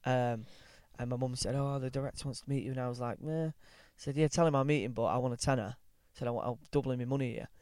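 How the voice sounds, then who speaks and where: A man's voice: medium pitch, fairly even intonation, fast talker, few pauses, darkish tone, dry recording. A young man chatting casually as a podcast guest, rambling with lots of ums, restarts and easy laughs, swearing now and then. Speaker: guest actor. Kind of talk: casual chat.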